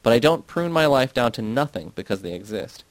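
An earnest young idealist argues his case at length and gets defensive, read by a man. His voice stays at an ordinary pitch. The sound is dry and close. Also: very animated, fairly quick, no room sound, natural voice. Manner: earnest, argumentative explaining.

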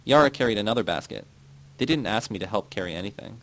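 A man narrating a novel in the first person as an audiobook reader, in a steady, even reading. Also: lowish voice, fast, low-quality recording.

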